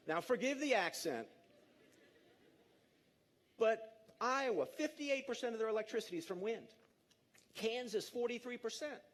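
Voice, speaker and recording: A man in his fifties giving a lively, jokey conference talk to an audience in a large auditorium, coaxing the crowd along. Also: sits high, unhurried, long pauses. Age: 50s. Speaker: speaker.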